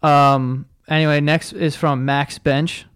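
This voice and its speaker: A man's voice: on the high side, flat delivery, slow, a bit bright, clear, resonant tone. A man hosting a casual sports podcast, reading out listener questions, loose and swearing with lots of filler words.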